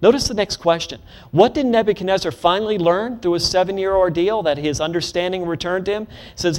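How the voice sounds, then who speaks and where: Male preacher, call-and-response sermon, slightly high voice, quick asides then slow emphatic declarations. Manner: call-and-response, leads congregation in repeating phrases.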